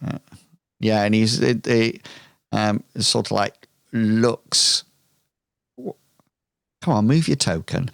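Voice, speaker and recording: A man narrating as game master of a tabletop role-playing game, describing scenes hesitantly with many pauses and ums. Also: lowish voice, creaky, no echo, clean studio sound.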